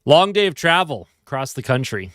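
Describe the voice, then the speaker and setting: A man's voice: a little high, big pitch swings, moderate pace, fairly bright tone, no room sound, studio quality. A man hosting a casual live fan stream, chatting and answering viewer comments while sleepy and yawning at home. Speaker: livestream host.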